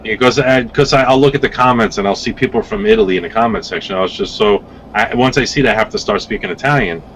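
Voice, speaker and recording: A man on a podcast as a guest vape reviewer, rambling through casual stories with lively acted-out quotes and some swearing. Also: lowish voice, quick pace, slight background noise, rough recording. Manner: rambling, animated storytelling with swearing.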